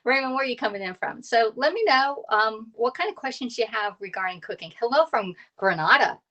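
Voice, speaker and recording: A woman's voice: on the high side, animated, brisk, a bit bright. A woman in her thirties from Pennsylvania chatting casually with viewers while cooking on a live stream, laughing often and greeting people by name. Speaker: cooking live-streamer and kitchen tools consultant.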